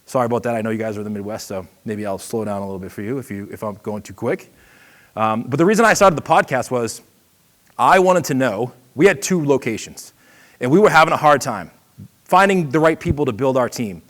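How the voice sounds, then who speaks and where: Middle-aged boston guy running a seminar, talks fast and chatty, thick-ish boston accent. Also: medium pitch. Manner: quick, energetic, conversational. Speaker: seminar presenter. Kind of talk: trade show seminar talk.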